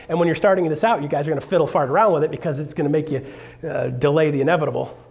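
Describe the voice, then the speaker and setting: A man, a realtor, giving an energetic, joking seminar talk on stage to a live audience. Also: a little high, vocal fry. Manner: energetic, joking, with sudden loud bursts.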